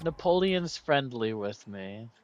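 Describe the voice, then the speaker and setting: Lively, slow-talking gameplay commentator. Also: medium pitch, slight background noise. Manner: melodramatic mock laments and sudden yelps; swears and laughs at setbacks. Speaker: strategy game streamer.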